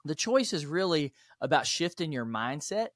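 Man telling animated stories in an interview. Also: on the high side, normal speed, no echo, studio quality. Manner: animated, acts out dialogue in stories. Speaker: podcast guest, author. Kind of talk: interview storytelling.

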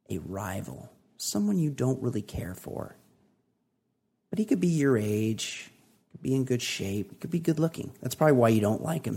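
A man's voice: mid-range voice, gravelly, mellow, breathy edge. A man hosting a comedy podcast, reading out listener questions with playful mock drama. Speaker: podcast host. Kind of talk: casual comedic chat.

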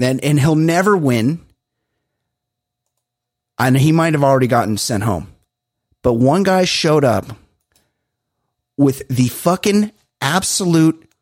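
A man co-hosting a podcast, telling stories in animated, profane casual chat. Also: medium pitch, no echo, studio quality. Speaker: podcast co-host.

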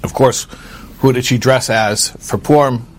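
A man telling a true story aloud in an earnest, halting way, with fillers and restarts. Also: mid-range voice, steady tone. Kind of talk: spoken storytelling.

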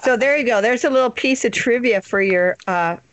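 A woman's voice: fairly quick, no room sound. Chatty author lady on a podcast, bubbly, laughs lots, dry close mic. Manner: bubbly, laughs often, big leaps in pitch. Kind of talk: casual interview chat.

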